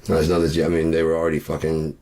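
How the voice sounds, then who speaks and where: A man ranting angrily to camera, swearing constantly and breaking into shouts. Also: extremely low pitch, completely flat delivery, rapid-fire, a little hiss or hum. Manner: profane and furious, shouting at times. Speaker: vlogger. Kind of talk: angry political rant.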